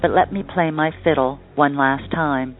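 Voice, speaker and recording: A sly young fiddler speaks calmly and evenly, quietly defiant, as a male storyteller reads him. The voice comes through a thin, phone-like line with faint music. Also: fairly high pitch, normal speed, natural voice.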